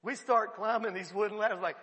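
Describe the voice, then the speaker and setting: A man preaching a sermon, telling a funny story in an animated way and often laughing mid-sentence. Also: high voice, a little fast, in a large hall. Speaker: pastor.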